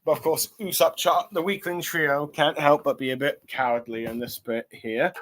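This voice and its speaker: A man's voice: a little high, fairly even intonation, normal speed, fairly bright tone. Rambling man recapping with many ums. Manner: rambling, lots of ums and self-corrections. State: a little tired. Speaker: chapter reviewer. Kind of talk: casual recap and review.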